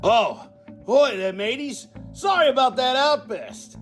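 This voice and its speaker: A woman voicing a crude, rambling male British writer caricature in a mock British accent, shouting insults. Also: high voice, very animated, measured pace. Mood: ranting. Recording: music playing under the voice. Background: music.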